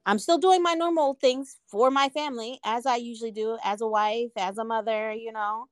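A woman's voice: a little high, fairly even intonation, normal speed, dry recording. A woman co-hosting a podcast, talking in a reflective, earnest casual way. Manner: reflective, earnest, many "like" fillers. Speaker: podcast co-host. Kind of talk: casual chat.

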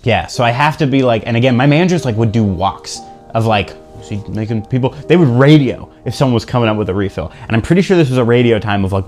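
A man's voice: mid-range voice, expressive, quick pace, a little mellow, faint music behind. A young man co-hosting a casual podcast chat, telling stories and acting out the people in them. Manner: storytelling, acts out customers in funny voices. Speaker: podcast co-host.

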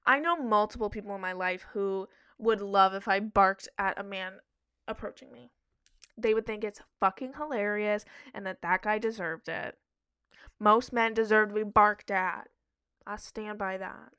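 A woman's voice: mid-range voice, moderate pace, bright, forceful tone, clean tone, dry recording. A woman giving casual, blunt reaction commentary on advice-forum stories, emphatic and profane.

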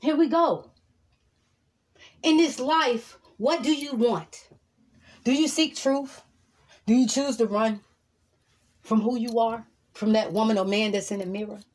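Husky woman preaching fiery self-empowerment. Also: on the high side, a little slow, long pauses, darkish tone. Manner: emphatic, preachy, profane; repeats lines for emphasis. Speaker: vlogger. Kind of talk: motivational monologue to camera.

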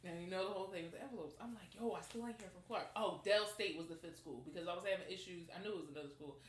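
A woman co-hosting a podcast, telling stories in a dramatic, expressive, casual way. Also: lowish voice, very fast. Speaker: podcast co-host. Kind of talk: casual storytelling chat. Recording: echoey room, faint noise.

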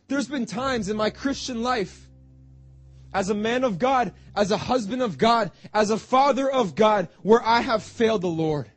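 Male pastor, high voice, slow, impassioned delivery that repeats phrases, faint music underneath. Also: expressive, husky. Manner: fervent preaching, repeats phrases, rising to shouts. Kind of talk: sermon.

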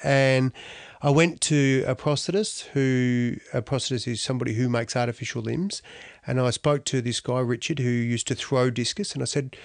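Aussie bloke spinning a yarn, slangy and animated, dry close sound. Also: male voice, mid-range voice, moderate pace, vocal fry, no echo. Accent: Australian. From Australia. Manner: animated, slangy, self-deprecating storyteller. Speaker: former Paralympic athlete. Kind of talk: storytelling talk.

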